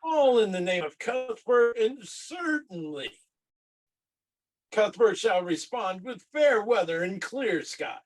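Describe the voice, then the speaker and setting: A man's voice: high voice, expressive, slow, voice pushed up, low-quality recording. A man voicing a devout male warrior cleric who speaks in a formal, preaching way. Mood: preachy.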